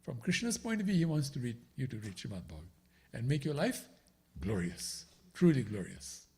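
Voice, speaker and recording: Husky man teaching scripture, lively pitch. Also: fairly quick. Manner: explains each line, asks listeners "right?" often. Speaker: spiritual teacher. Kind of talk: devotional scripture class.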